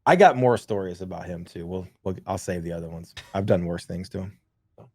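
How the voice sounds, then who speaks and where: A man's voice: sits low, brisk, no echo, studio quality. Profane rambling man telling stories. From rural. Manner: rambling, profane, animated storyteller. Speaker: podcast co-host. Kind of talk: casual storytelling chat.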